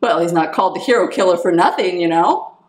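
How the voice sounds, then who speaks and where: A woman hosting an anime reaction video, gushing with excited exclamations and shrieks. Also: on the low side, fast. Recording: roomy echo.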